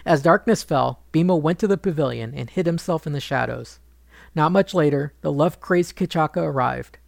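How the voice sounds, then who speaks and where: A man narrating a retelling of an ancient epic in a measured, wry manner. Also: on the high side, gravelly, no room sound, clean studio sound. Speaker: storyteller.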